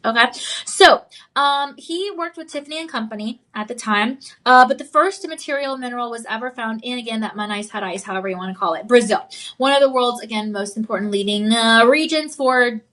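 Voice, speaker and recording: A woman's voice: on the high side, a little fast, fairly bright tone. A woman hosting a live jewelry sales show, chatty and playful, often checking in with the viewer. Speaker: home shopping host.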